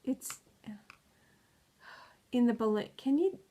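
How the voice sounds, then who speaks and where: A woman's voice: on the high side, animated, slow, mellow. A tired, stressed woman hosting a knitting video podcast. She rambles, loses her words and laughs often. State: tired and stressed, close to tears. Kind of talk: casual chat.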